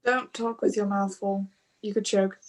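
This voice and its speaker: A woman's voice: medium pitch, fairly even intonation, unhurried, close to an everyday voice. A woman playing a dry, mothering adult female adventurer in a tabletop role-play game. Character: hearty adult woman adventurer who drinks ale.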